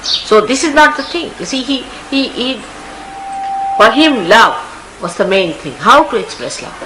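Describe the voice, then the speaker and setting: A woman's voice: fairly high pitch, lively intonation, unhurried. A woman with an Indian English accent, a spiritual teacher giving a storytelling discourse that acts out the people she quotes. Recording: hissy archival 1980s tape recording.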